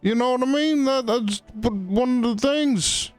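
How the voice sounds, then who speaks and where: A man streaming a video game, putting on a high, folksy cowboy voice that drawls and rambles with exaggerated politeness. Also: measured pace, clear, resonant tone, faint music behind. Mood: jovial.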